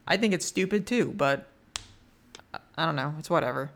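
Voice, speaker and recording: A man co-hosting a casual podcast, laid-back and offhand with quick reactions. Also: fairly high pitch, expressive, creaky, a bit bright. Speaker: podcast co-host. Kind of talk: casual chat.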